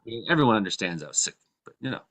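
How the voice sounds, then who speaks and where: A man's voice: fairly low pitch, very animated, very fast, fairly bright tone. A man from Canada hosting a casual live show, rambling and laughing often. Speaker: podcast host.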